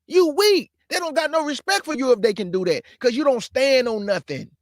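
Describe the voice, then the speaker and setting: A man's voice: very high voice, very animated, fairly quick, no room sound, clean studio sound. A man hosting his own stream, talking in a fiery, preachy way, repeating his points and calling his listeners family. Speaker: show host. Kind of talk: impassioned livestream commentary.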